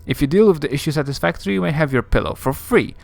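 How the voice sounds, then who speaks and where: Dude doing a fussy shopkeeper, polite and kinda preachy, dry sound. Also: male voice, on the high side, very fast, gravelly, no room sound, pitched above the performer's own voice. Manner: polite, lecturing. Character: fussy male shopkeeper, coffin maker.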